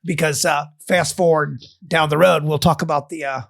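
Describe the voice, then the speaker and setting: A man's voice: a little high, moderate pace, vocal fry. An older man in casual podcast talk, telling stories animatedly and acting out what people said. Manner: animated storyteller who acts out quotes. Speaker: guest. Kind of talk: storytelling podcast chat.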